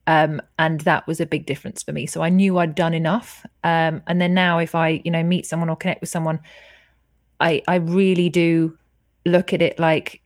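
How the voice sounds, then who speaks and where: A woman's voice: low-pitched, level tone, normal speed, dry recording, clean studio sound. A woman, telling her personal story frankly and earnestly as a podcast guest over a video call, swearing freely.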